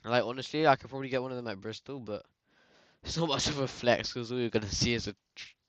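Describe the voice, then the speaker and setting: A man's voice: medium pitch, fast talker, no room sound. A man with a British accent chatting casually while editing photos, rambling and slangy, full of filler words. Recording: dull, dry lo-fi sound.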